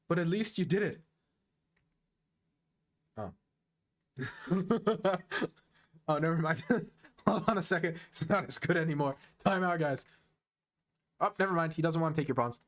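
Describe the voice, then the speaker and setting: A man streaming casual live chess commentary, excitable and slangy, talking straight to the player he is watching. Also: on the high side, a little slow, pauses often.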